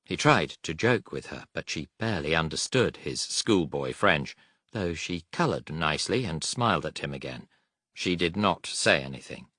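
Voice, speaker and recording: A man reading a war audiobook in a measured, steady narration. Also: rumbling low, breathy edge, no room sound, clean studio sound.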